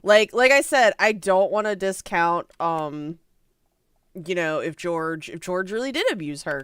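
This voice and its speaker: A woman streamer reacting live in casual commentary, talking bluntly and swearing freely. Her voice is smooth and clear. It is recorded close in a dry space. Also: fairly low pitch, a bit bright, no echo.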